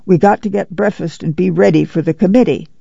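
A commanding Dust Bowl mother with a gravelly, dark rasp and a folksy rural drawl, as a male narrator puts her on. She speaks in clipped, plain phrases, lifted a little above the reader's own voice. The recording is dry and slightly dull. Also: high voice, brisk, no echo, exaggerated voice. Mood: urgent. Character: weary determined Dust Bowl mother, middle-aged woman.

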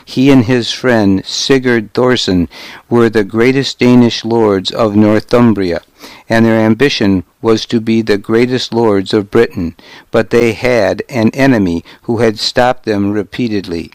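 A man reading a novel aloud as first-person narration, in a measured, deliberate storytelling manner. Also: fairly low pitch, steady tone, darkish tone, no room sound. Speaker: audiobook narrator.

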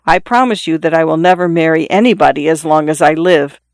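A reader voicing a coy young girl who speaks slowly, quietly and thoughtfully, in a storybook reading. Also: medium pitch, dry recording, studio quality, lightly acted. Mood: calm. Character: little parson's daughter, calm and coy.

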